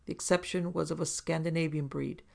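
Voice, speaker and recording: A man narrating an audiobook story in a measured, descriptive way. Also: fairly high pitch, fairly even intonation, creaky.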